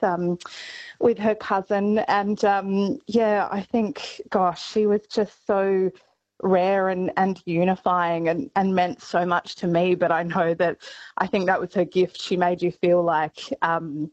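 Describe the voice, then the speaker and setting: A woman shares her memories on the radio, tearful and hesitant with many pauses. Her voice sits a little low and comes through a dull, muffled line that is dry, with no room sound. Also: level tone, darkish tone, no room sound. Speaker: radio colleague.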